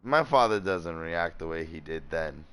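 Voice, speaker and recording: A man's voice: extremely low pitch, moderate pace, clear, resonant tone. A young man telling a long personal story in casual chat, swearing often, rambling, and acting out quoted people. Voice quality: profane, rambling. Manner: animated, voices quoted people. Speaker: gaming streamer.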